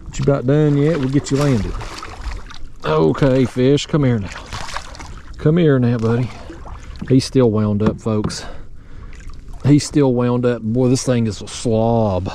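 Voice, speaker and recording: Outdoorsman vlogger, warm relaxed mellow voice, drawling folksy chatter, faint outdoor noise behind. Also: mid-range voice, a little slow, long pauses. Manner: folksy, drawling, talks to viewers as "y'all" and "buddy". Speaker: fishing vlogger. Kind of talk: casual narration to camera while fishing. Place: outdoors on a kayak on a river.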